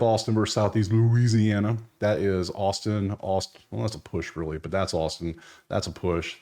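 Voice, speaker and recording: A man's voice: lowish voice, darkish tone. A man casually breaking down basketball bets, blunt and sarcastic, muttering as he reads through stats. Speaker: sports betting analyst.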